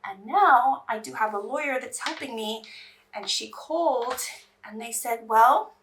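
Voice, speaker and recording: A woman's voice: fairly high pitch, a little slow, fairly bright tone, distant mic, a little hiss or hum. A woman from England, chatting in a rambling way while doing her makeup on camera. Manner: chatty, rambling, restarts sentences. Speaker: beauty vlogger.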